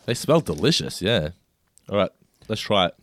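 Low-voiced man taste-testing snacks. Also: sing-song, normal speed, dry recording. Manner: enthusiastic, describes food while chewing. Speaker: co-host. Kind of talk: casual snack taste-test chat.

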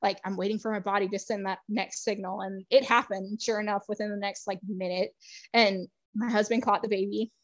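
A woman appearing as a podcast guest tells a personal story in a chatty, casual way, full of "like" and frequent laughter, shifting between excitement and hushed emotion. Her voice is medium-pitched and a little fast, with no room sound.

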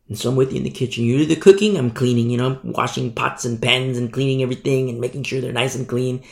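A man's voice: medium pitch, fast, vocal fry, few pauses. A man preaching a Bible teaching in a conversational way, acting out little scenes as he goes. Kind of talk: sermon. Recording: echoey room.

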